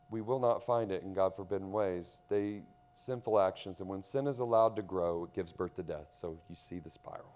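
A man preaching a sermon to a congregation, swinging from loud emphasis to hushed tones and asking the room questions. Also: medium pitch. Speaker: pastor.

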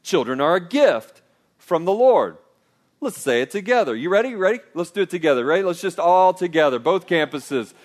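A man preaching a sermon, animated and playful, leading his congregation in call-and-response. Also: high voice, brisk. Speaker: pastor.

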